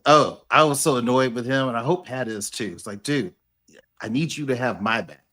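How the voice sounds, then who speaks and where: A man's voice: medium pitch, moderate pace, sharp tone. A man co-hosting a podcast in casual chat, who swears freely and acts out quoted lines. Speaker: podcast co-host.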